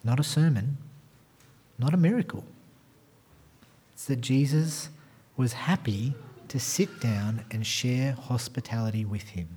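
A man preaching a sermon as pastor, talking straight to his congregation and swinging from quiet asides to loud, emphatic passages. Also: mid-range voice, measured pace, pauses often, husky. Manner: addresses the congregation directly with rhetorical questions.

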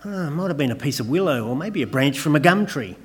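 A man preaching a sermon, gentle and conversational with light humor, praying in a soft, hushed way. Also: fairly high pitch, animated, fast talker, slightly rough. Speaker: pastor.

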